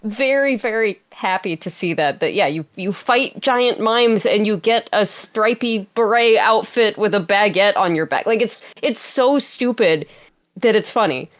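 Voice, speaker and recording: A woman from France speaks at a middling pitch in a casual podcast chat. Her tone is amused and wry. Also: unhurried. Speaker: podcast panelist.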